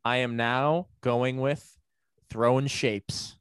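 A man's voice: mid-range voice, steady tone, clear, resonant tone, dry recording, clean studio sound. Rambling man in casual chat. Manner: rambling, halting, full of "like"s.

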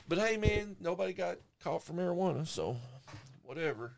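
A man co-hosting a podcast, telling an animated, profane story in casual chat and acting out what people said. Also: high-pitched, brisk, gravelly, slight background noise. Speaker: podcast co-host.

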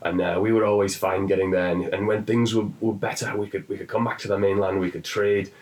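A man's voice: low voice, level tone, brisk, far from the mic, lightly acted. A man doing a fatherly Scotsman. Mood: advising. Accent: put-on Scottish. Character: old Scotsman in a pub giving advice.

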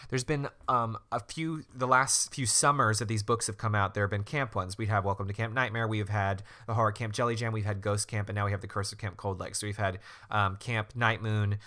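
A man's voice: on the low side, fairly even intonation, brisk, few pauses, bright, forceful tone. A man co-hosting a casual podcast chat, enthusiastic and gushing, with many fillers. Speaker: podcast co-host.

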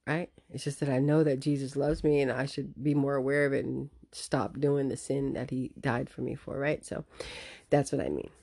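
Low-voiced woman, emphatic commentary. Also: no echo, clean studio sound. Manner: emphatic, animated, with many restarts. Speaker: host. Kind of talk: casual commentary vlog.

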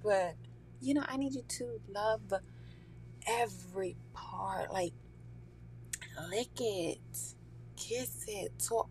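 A woman's voice: medium pitch, slow pace, long pauses, darkish tone, a little hiss or hum. A woman talking candidly and profanely in a casual chat, laughing often and dropping into whispery asides.

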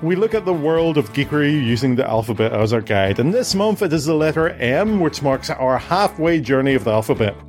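A man's voice: fairly high pitch, very animated, fairly quick, hardly any pauses, darkish tone, soft background music. A man hosting a casual family podcast, rambling and stumbling over his words. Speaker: podcast host.

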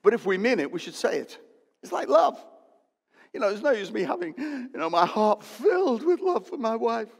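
A man, preaching a lively, joking sermon in a church. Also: very high voice, normal speed, creaky. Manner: lively, joking, loud bursts. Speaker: pastor. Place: church hall. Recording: long hall reverb.

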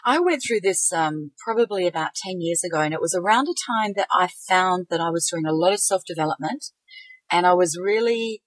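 A woman's voice: fairly low pitch, animated, brisk, dry recording, low-quality recording. A middle-aged woman co-hosting a conversational podcast, reflective and sharing her own experiences. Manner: reflective, shares personal experience. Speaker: podcast co-host.

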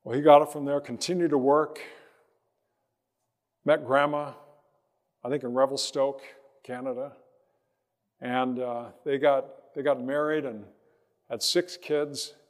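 Slow, reflective male pastor with long reverb. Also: mid-range voice, fairly even intonation. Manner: slow, reflective storytelling with pauses. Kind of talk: sermon with personal story and prayer.

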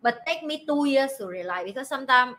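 A woman's voice: sits high, lively intonation, a little fast, bright, forceful tone. A woman in her thirties, a mother co-hosting a podcast in casual chat, speaking simple non-native English and acting out her stories with animation. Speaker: podcast co-host.

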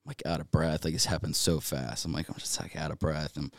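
A young man from North Carolina, a podcast guest, retelling events in a rapid, filler-heavy way with many restarts. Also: extremely low pitch, fairly even intonation, vocal fry, dry recording, studio quality. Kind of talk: casual storytelling in an interview.

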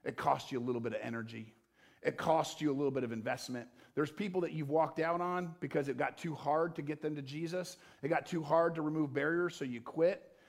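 Gravelly, impassioned male pastor preaching. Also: fairly high pitch, steady tone, a little fast. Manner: impassioned, building to loud emphatic peaks. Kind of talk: sermon. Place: church auditorium.

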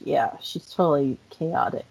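A woman chatting casually as a podcast co-host, quiet and teasing, laughing softly. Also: low-pitched, normal speed, creaky, husky, poor audio. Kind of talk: casual chat.

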